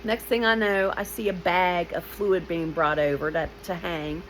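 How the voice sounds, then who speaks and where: Woman in her 50s telling her own story, blunt and lively, little faint hiss behind. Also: on the low side, moderate pace, rough recording. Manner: lively, blunt, emotional retelling with asides. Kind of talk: personal storytelling.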